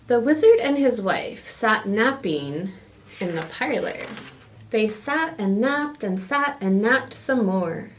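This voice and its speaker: A woman reading a picture book aloud to children, expressive, with gasps and sound effects. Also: on the high side, slow pace, a little hiss or hum. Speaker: children's story reader.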